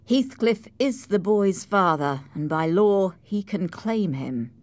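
A woman voicing a gentle, worried gentleman in an audiobook, speaking softly and in a resigned way. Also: mid-range voice, animated, slow, dry recording. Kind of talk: audiobook character reading.

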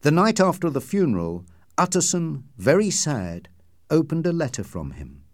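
A man narrates an audiobook in a clear, measured way. His pitch rises and falls widely from phrase to phrase. The recording is dry and close, with no room sound. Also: wildly swooping pitch, no echo.

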